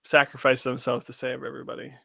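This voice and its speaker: A young man co-hosting a casual live podcast, playful and quick to echo names and jokes back. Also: mid-range voice, monotone, vocal fry, sharp tone. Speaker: podcast co-host.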